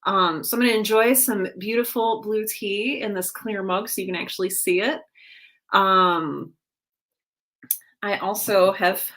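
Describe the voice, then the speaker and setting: A woman's voice: mid-range voice, a bit bright. A woman hosting a casual livestream from home, chatting and greeting viewers by name one after another. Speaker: livestream host. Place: at home with her cat.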